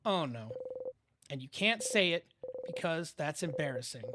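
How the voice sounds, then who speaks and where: A man streaming a story game, reading its text aloud in an expressive way. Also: on the high side, moderate pace, noisy background. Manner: expressive, quiet reading with excited bursts. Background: game music.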